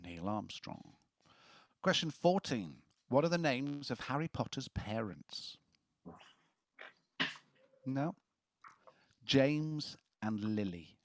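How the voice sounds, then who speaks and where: A man's voice: mid-range voice, sing-song, slow, long pauses, dry recording. Jokey man hosting a quiz. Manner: jokey, chuckling as he reads questions. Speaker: quiz host. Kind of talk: casual quiz chat.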